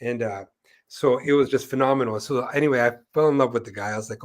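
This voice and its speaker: A man of ordinary pitch, talking fast, co-hosts an interview show and tells a long, loose story in casual conversation. He fills it with verbal fillers and performs the voices of the people he quotes.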